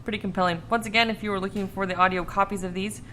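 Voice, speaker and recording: A woman's voice: mid-range voice, steady tone, very fast, sharp tone, slight background noise. A woman hosting a podcast in casual chat, laughing often and swearing freely. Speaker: podcast host.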